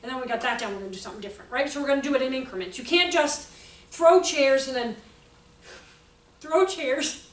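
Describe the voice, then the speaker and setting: A middle-aged woman giving an animated, chatty workshop talk to educators. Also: high voice, brisk. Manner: animated, chatty, acts out kids' outbursts. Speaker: teacher trainer. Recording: echoey room, voice from a distance.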